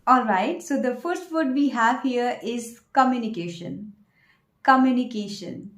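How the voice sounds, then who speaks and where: A woman with a fairly high voice teaches English pronunciation in an online lesson. She speaks clearly and deliberately and keeps asking the viewer questions. Her voice rings a little in an echoey room. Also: noisy background.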